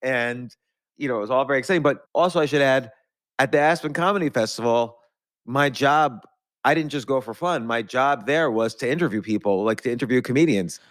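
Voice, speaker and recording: A man's voice: mid-range voice, a little fast, dry recording. Man telling rambling stories, dry sound. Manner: rambling anecdotes with restarts and laughs. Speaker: podcast host. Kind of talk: storytelling in conversation.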